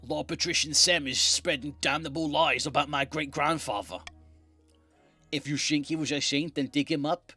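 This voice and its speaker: A brash, hot-headed nobleman with a London accent, as a man puts him on. He barks his lines loudly and with indignation. Faint music plays underneath. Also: on the high side, normal speed, slightly rough, no echo, pitched above the performer's own voice. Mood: indignant.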